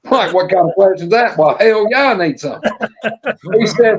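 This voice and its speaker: A man's voice: sits high, animated, moderate pace, highs cut off. A man casually telling a long, folksy, profane story on a podcast, acting out what everyone said. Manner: folksy, profane, acts out quoted dialogue.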